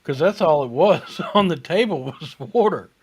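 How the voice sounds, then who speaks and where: A man's voice: fairly high pitch, expressive, normal speed, breathy edge. A man hosting a casual online hangout, telling stories between laughs and swearing freely over a video call. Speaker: host. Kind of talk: casual chat, storytelling.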